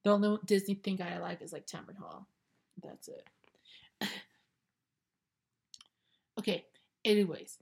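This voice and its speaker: A young woman in her twenties hosts her own show and rants casually. She is blunt and sassy, and she swears freely. Her voice sits at an everyday middle pitch. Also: steady tone, measured pace, vocal fry, pauses often, darkish tone, husky. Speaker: podcast host reacting to clips. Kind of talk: casual ranting commentary.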